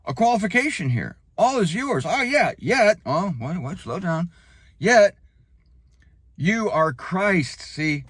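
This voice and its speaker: A man giving spoken Bible teaching in an emphatic way, slowing down hard on key phrases and leaping up for emphasis. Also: no echo. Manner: animated, leaps up in pitch for emphasis.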